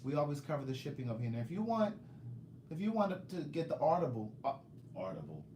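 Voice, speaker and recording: A man's voice: fairly high pitch, fast, echoey room, noisy background. A man author chatting casually on a live stream, telling stories and teasing his viewers. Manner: animated storytelling, joking, teasing viewers.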